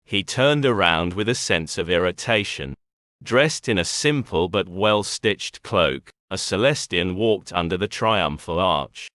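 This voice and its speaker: Deep-voiced man reading an audiobook. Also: fairly bright tone, dry recording, studio quality. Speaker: audiobook narrator. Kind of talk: scripted narration.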